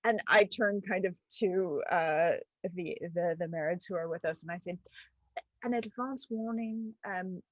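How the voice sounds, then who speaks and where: A woman's voice: lowish voice, no room sound, rough recording. A woman playing a tabletop game, speaking hesitantly. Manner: hesitant, slow. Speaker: player.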